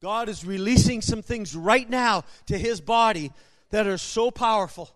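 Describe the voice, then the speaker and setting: A man preaching a sermon, telling stories with emphasis and bursting into shouts. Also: high voice, normal speed, dry recording.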